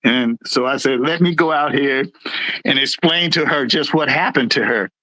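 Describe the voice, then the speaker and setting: Appearing as a guest, this middle-aged former Air Force supervisor spins casual stories with animation at a moderate pace, leaping up in pitch to act out quotes. There's no room sound, and the recording quality is low.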